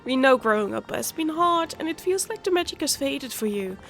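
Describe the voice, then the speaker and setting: A woman's voice: high-pitched, animated, fairly quick, fairly bright tone, pitched above the performer's own voice. A woman voicing an eager, bubbly tiny magical wish creature from a video game, with squealy exclamations.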